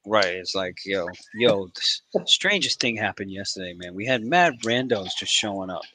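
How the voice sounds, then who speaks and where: Low, bright-voiced man hosting a trading livestream. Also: moderate pace, slight background noise, low-quality recording. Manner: excitable, profane banter with loud outbursts. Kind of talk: casual livestream chat.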